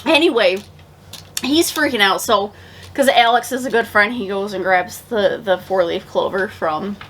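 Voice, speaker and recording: A woman's voice: medium pitch, normal speed, fairly bright tone, a little hiss or hum. A tipsy woman co-hosting a casual movie review, retelling the plot in a rambling, profane way. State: tipsy from drinking.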